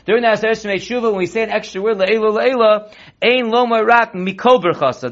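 High-voiced rabbi teaching a text class. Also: male voice. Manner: reads Hebrew and Aramaic slowly, then explains quickly in English. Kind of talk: text-based Torah class. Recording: dull lo-fi recording.

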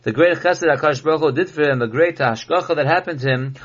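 A rabbi giving a recorded Torah class, reading Hebrew text and explaining it in English. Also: male voice, on the high side, fast talker. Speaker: rabbi teaching halacha. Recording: dull lo-fi recording.

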